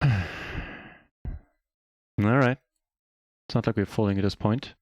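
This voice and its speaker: This German man, whose first language is German, talks slowly in a voice on the low side. The recording is dry as he casually and self-deprecatingly commentates his own poker game on a live stream, staying relaxed throughout.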